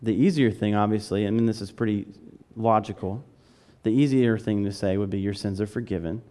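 A man from the American South preaching a conversational sermon, building to excited emphasis. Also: on the low side, fairly quick.

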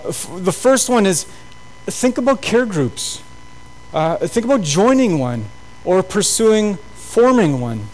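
A man's voice: high-pitched, a little mellow, low-quality recording. A pastor giving a sermon to his congregation in an earnest, urging way, often repeating phrases.

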